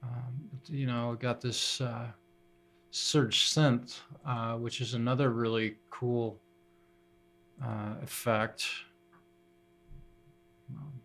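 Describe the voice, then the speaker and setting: Slow, halting man thinking aloud. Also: medium pitch, flat delivery, a bit bright, slight background noise. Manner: halting, full of fillers and restarts, thinking aloud while troubleshooting. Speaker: home studio musician streaming live. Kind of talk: casual live-stream talk while working.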